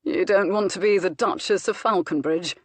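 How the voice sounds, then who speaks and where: Woman doing a cold ironic duke, even voice, dry close sound. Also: medium pitch, moderate pace, dry recording, close to an everyday voice. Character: proud aristocratic duke, man, coldly ironic.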